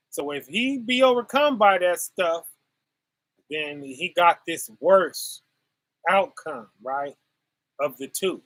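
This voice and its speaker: A man's voice: high-pitched, expressive, slow, long pauses, sharp tone, no echo. A man preaching informally on scripture in a folksy, repetitive way, tagging his points with "right?" and "y'all".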